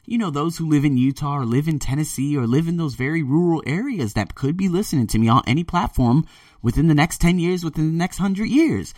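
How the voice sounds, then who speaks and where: A young man hosting his own podcast alone, talking casually and animatedly, with loud excited bursts that drop to low murmurs. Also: fairly quick, no echo, clean studio sound, distant mic. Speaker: podcast host. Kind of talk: solo podcast monologue.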